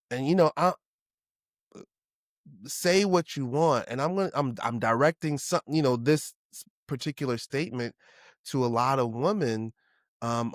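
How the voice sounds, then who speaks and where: A man in his forties speaks slowly and openly on his solo podcast. His voice sits at a middle pitch, jumps up and down as he restarts thoughts, and he drops casual curse words. The sound is close and dry, with no room around it. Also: no echo. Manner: candid and emotional, casual with swearing; halting restarts, pitch swinging widely. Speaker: podcast host.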